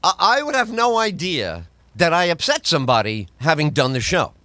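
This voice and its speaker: Here a middle-aged man from New York, USA, a comedian who also hosts radio, spins conversational stories and performs others' lines in lively voices. His voice is a little high, his speed normal, and there's no echo.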